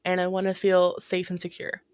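A woman's voice: on the low side, completely flat delivery, moderate pace, clean tone, no echo. A woman talking in a casual, reflective way, with many fillers and restarts. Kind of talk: casual chat.

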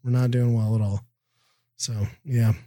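A man's voice: medium pitch, flat delivery, a little slow, mellow, no room sound, clean studio sound. A middle-aged man from the Midwest telling a profane, exasperated story in casual chat. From American Midwest.

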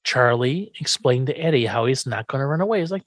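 A man's voice: mid-range voice, expressive, quick pace, fairly bright tone, dry recording, clean studio sound. A man co-hosting a podcast, recapping an old sitcom episode in casual, profane chat and acting out the characters' lines. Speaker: podcast co-host.

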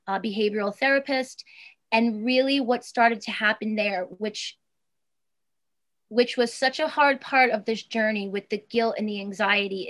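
This is a woman in her thirties speaking as an interview guest. Her voice sits at an ordinary middle pitch, and she talks earnestly and with feeling, often restarting her sentences and filling pauses with "um" and "you know.". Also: a bit bright. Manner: earnest, emotional, many fillers and restarts. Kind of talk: personal interview.

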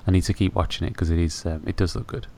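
A man's voice: deep voice, fast, gravelly, a little mellow, a little hiss or hum. A man co-hosting a podcast, laid-back in casual chat, giving brief agreeing replies. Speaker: podcast co-host.

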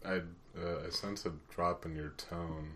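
A man's voice: low-pitched, unhurried, heavy background noise. A young man co-hosting a casual podcast chat, dry, joking and playing dumb. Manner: deadpan, joking, mock-naive. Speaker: podcast co-host.

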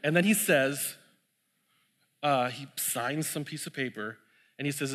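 A man's voice: mid-range voice, unhurried, long pauses, a bit bright, long reverb tail. A man preaching a sermon, telling a personal story in a conversational way and laughing often. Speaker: pastor sharing testimony. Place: church.

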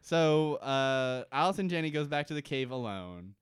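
Sarcastic man recapping a show, smooth voice. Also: medium pitch, expressive, normal speed, no room sound. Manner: sarcastic, swears, acts out scenes in mock voices. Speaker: podcast co-host. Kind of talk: casual comedic recap chat.

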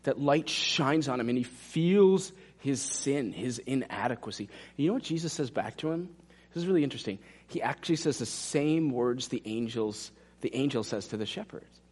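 A man preaching a sermon, animated and direct, dropping to hushed asides for emphasis. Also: medium pitch, normal speed, slightly rough. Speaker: pastor.

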